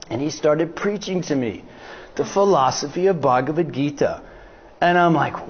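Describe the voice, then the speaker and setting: In dull audio, a slightly rough, higher-leaning male voice speaks at a moderate pace. The speaker is an older guest lecturer from the United States, joking animatedly through a story in a lecture hall and performing the characters' lines.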